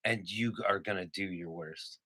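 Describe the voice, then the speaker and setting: Brief: male comic co-host, lowish pitch, bright tone, dry close mic, profane and laugh-prone banter. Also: normal speed, dry recording. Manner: profane, laughs often, jokey impressions. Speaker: podcast co-host. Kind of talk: crude comedic banter.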